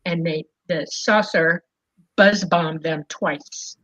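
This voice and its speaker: Animated woman telling a story. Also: lowish voice, slow, lo-fi sound. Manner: animated, lots of fillers and "okay?". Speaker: guest recounting an experience. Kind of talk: casual storytelling.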